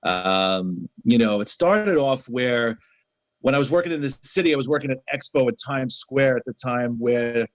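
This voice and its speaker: A man's voice: mid-range voice, moderate pace, no echo, poor audio. A man tells a story in casual guest talk, acting out each line of dialogue. His voice sits in a middle register. The sound is dry and close to the mic. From New York City. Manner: animated anecdotes, acting out quoted dialogue. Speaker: interview guest.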